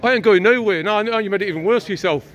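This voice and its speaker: A man's voice: high voice, racing, fairly bright tone, dull audio. A man filming outdoors by a road, arguing bluntly and then talking to himself as he walks. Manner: argumentative, blunt, talks to himself while walking. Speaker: filming auditor. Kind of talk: confrontational street filming.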